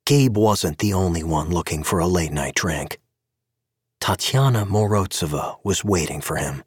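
Husky-voiced male narrator. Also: sits low, moderate pace, no echo, studio quality. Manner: expressive storytelling. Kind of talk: scripted narration.

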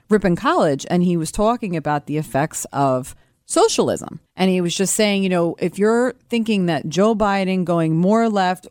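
A woman's voice: on the low side, darkish tone, clean tone, dry recording, clean studio sound. A woman co-hosting a radio show, speaking earnestly and at length with many fillers. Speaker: radio show producer and co-host. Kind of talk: casual radio chat.

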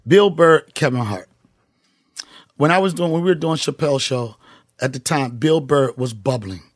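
A man's voice: fairly high pitch, moderate pace, no room sound, clean studio sound. A middle-aged male comedian, telling emphatic, profane stories as a podcast guest. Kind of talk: casual podcast chat.

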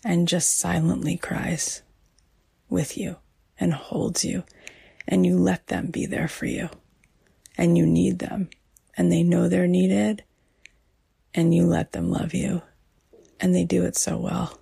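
Gravelly, husky-voiced woman speaking slowly. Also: on the low side, little pitch movement, dry recording. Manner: soft, emotional, often drops to a whisper. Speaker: podcast host. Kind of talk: personal podcast monologue.

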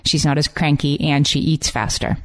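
A woman's voice: low voice, monotone, moderate pace. A woman co-hosting a casual podcast chat, reading out listener stories in an upbeat, chatty way. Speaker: podcast co-host.

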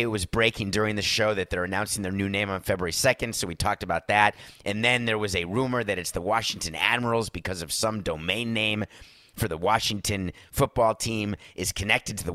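A man's voice: fairly low pitch, brisk, pushed and bright, no room sound, clean studio sound. A man hosting a sports talk show, delivering an emphatic, sarcastic monologue. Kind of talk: opinionated sports radio monologue.

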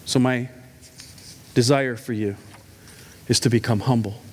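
A man's voice: mid-range voice, steady tone, a little slow, a little hiss or hum. A middle-aged male pastor preaching a sermon, telling stories with emphatic, humorous asides. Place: church sanctuary. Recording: echoey church hall.

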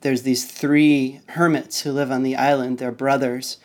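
A man's voice: mid-range voice, flat delivery, a little slow. A man who is a podcast guest, retelling a story in a rambling, hesitant way with many restarts. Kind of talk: casual conversation, retelling a story.

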